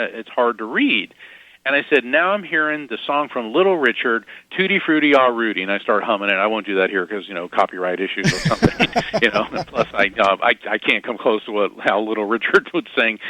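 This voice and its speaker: A man guesting on an interview, telling lively anecdotes with quick asides and chuckles. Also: medium pitch, no echo, poor audio. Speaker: guest psychic medium. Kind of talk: casual interview storytelling.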